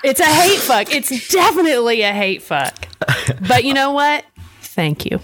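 Fields: Sex: woman. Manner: blunt and crude. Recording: clear background noise. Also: high voice, sing-song, a little slow. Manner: blunt, crude, emphatic swearing. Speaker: podcast co-host. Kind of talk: casual chat. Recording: noisy recording.

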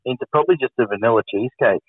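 A dry, deadpan man argues sport with his mates, contrary by habit. He sounds thin and phone-like, with no room around him. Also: medium pitch, racing, breathy edge, no echo. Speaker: podcast co-host. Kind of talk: casual sports chat. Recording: dry, tinny phone-like line.

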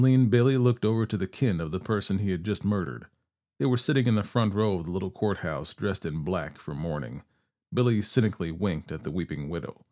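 A man reading a short story aloud with measured, theatrical narration. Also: low-pitched, a little mellow. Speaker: story reader.

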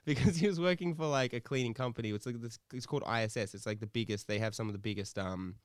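A man's voice: mid-range voice, quick pace, no echo, clean studio sound. A young man co-hosting a podcast, telling a rambling story with swearing and laughter. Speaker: podcast co-host. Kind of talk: casual podcast chat.

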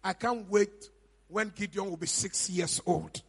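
A man with a Ghanaian accent, a pastor preaching a sermon, rising to high shouts and falling to quiet murmurs. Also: measured pace, creaky, slightly rough. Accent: Ghanaian English. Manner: preaching, shouts to a high pitch then drops to a low murmur. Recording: reverberant church hall with music behind.

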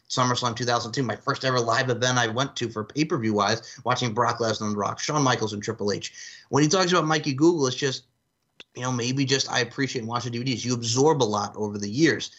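A man's voice: medium pitch, bright, forceful tone, highs cut off. A man in his twenties talking casually on a podcast, long-winded and swearing freely. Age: 20s. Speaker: podcast host.

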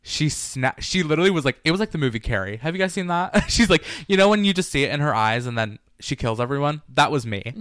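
A man co-hosting a casual podcast, retelling a story in an animated, gossipy way and slipping into quoted lines. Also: fairly high pitch, fast, few pauses, smooth, no echo, studio quality. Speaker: podcast co-host.

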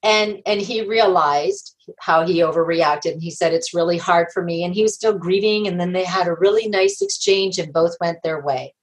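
A woman guest in an interview, telling stories in a lively way and acting out the people she quotes. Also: fairly low pitch, moderate pace, few pauses, low-quality recording. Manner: animated storyteller, acts out quoted voices, laughs often. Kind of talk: conversational interview.

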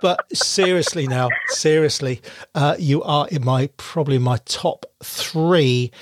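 A man hosting a podcast interview, enthusiastic and quick to laugh. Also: on the high side, no room sound, studio quality. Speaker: podcast host. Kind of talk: casual interview chat.

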